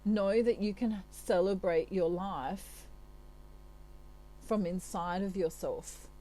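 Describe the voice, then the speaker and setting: A woman's voice: mid-range voice, slow pace, warm tone, slight background noise, poor audio. A woman from Australia giving a channelled tarot reading in a chatty, reassuring way, with many asides. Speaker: tarot reader.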